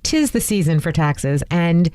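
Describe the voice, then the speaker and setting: A woman's voice: fairly low pitch, expressive, measured pace, dark tone, dry recording. A woman co-hosting a radio show, chatting in an upbeat, playful way. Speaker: radio co-host. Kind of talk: casual radio chat.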